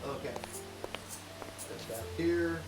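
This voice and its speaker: Speaking slowly in a highish voice with music behind him, this man does casual let's-play commentary on a modded VR block game. He talks to himself about what he plans to do and hums tunelessly while working, captured by a roomy, distant mic with clear noise.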